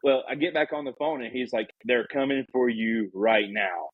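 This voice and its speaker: A man telling a story casually as a podcast guest, animated and acting out the people he quotes. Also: medium pitch, normal speed, breathy edge, no echo, phone-quality sound.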